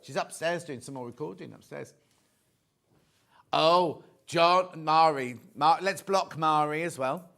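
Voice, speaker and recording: A man's voice: on the high side, a little slow, gravelly, a bit bright. A British man presenting a live sewing shopping show, chatty and teasing as he reads out prices and viewer messages in a TV studio.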